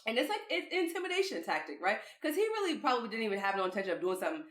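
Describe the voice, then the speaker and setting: A woman co-hosting a podcast, telling a story in casual, profane, animated chat. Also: fairly high pitch, racing. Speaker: podcast co-host. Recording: echoey room.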